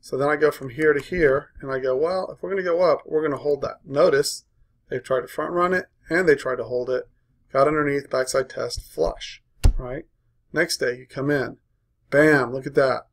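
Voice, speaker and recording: A man's voice: mid-range voice, fairly even intonation, normal speed. A man coaching a live trading room, walking through a chart in short punchy phrases and checking in with "right?" after each point. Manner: walks through a chart aloud.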